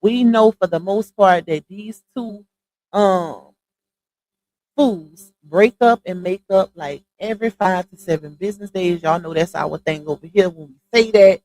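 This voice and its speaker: A woman's voice: on the low side, measured pace, mellow, no echo, rough recording. Chatty woman hosting a livestream. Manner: chatty, slangy, greets viewers one by one; laughs easily, playful. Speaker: livestream host. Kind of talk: casual livestream chat.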